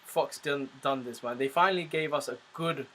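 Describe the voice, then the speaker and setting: A man's voice: medium pitch, moderate pace. A man in a casual film chat who chimes in and agrees with short remarks. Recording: far from the mic with crowd noise.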